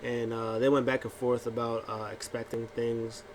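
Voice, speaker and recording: A man's voice: medium pitch, level tone, moderate pace, slight background noise. Rambling man recapping wrestling. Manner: rambling with many fillers and restarts; acts out quotes in funny voices. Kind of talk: casual recap talk.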